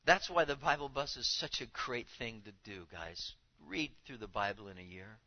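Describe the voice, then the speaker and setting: A man preaching a sermon to his congregation, speaking with animated emphasis and now and then acting out the voices he quotes. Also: mid-range voice, moderate pace, muffled recording. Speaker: pastor.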